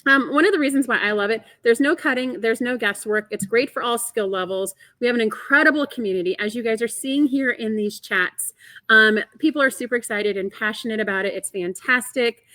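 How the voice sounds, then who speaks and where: A woman's voice: fairly high pitch, brisk, sharp tone, no room sound, low-quality recording. A woman hosting a live quilting show, chatty and enthusiastic as she explains the program and answers viewers in the chat. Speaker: host of a quilting shop livestream. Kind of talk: upbeat live product show.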